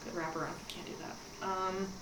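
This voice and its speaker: A young woman guest talking casually about comedy, relaxed, with fillers as she lists names. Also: medium pitch, normal speed, distant mic. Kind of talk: casual chat. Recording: echoey room with noise.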